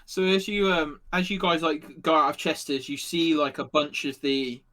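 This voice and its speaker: A man's voice: a little high, steady tone, moderate pace, sharp tone. A man running a tabletop role-playing game, narrating scenes with many fillers and restarts. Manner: rambling, filler-heavy narration. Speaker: game master.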